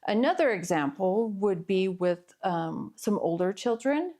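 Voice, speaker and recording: A middle-aged woman therapist giving an earnest, explanatory talk on parenting, with pauses and fillers. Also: mid-range voice, lively intonation, warm tone. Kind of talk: educational talk to camera.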